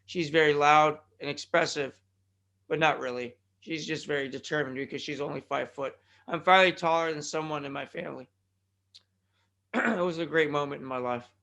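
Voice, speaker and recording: A man's voice: high-pitched, fairly bright tone. A man from California hosting his own podcast, rambling through jokey asides and calling his listeners folks. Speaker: podcast host. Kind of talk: casual rambling podcast monologue.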